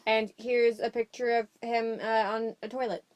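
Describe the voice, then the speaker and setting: A woman's voice: fairly high pitch, flat delivery, normal speed, dull audio. A woman co-hosting a casual movie review chat, hesitant and wry, talking with many fillers.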